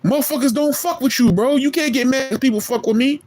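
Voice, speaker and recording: A man's voice: very high voice, fast, a little mellow. A man, streaming a boastful, profane callout rant at a rival in street slang. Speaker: online streamer.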